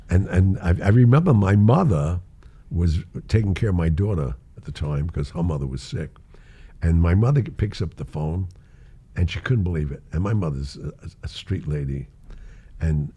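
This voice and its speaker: Here an older man with a low, husky voice speaks at a moderate pace, casually telling show-business stories. He's animated, acting out the voices of others and laughing often.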